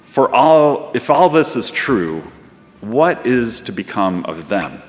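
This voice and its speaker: With a mid-range voice and big swings in pitch, a pastor takes his time preaching a reflective, story-driven sermon, voicing the characters himself. The church sanctuary adds long hall reverb, and there is slight background noise.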